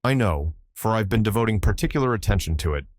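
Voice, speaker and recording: Audiobook role: male narrator playing a stiff, tight-lipped elderly housekeeper, slow and clipped, pitched up from a deep voice, dry close sound. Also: expressive, no echo, lightly acted. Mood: guarded.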